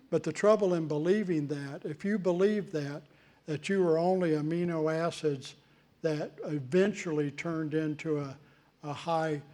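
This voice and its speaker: Slow, mellow-voiced male preacher. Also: fairly high pitch. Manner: measured preaching with deliberate pauses. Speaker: pastor. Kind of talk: sermon. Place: church.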